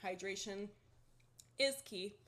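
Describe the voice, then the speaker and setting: A woman's voice: mid-range voice, takes it slowly, a bit bright. Chatty young woman podcast host. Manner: chatty, many "like" fillers, laughs often. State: dry-mouthed, just woke up. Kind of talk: casual podcast chat.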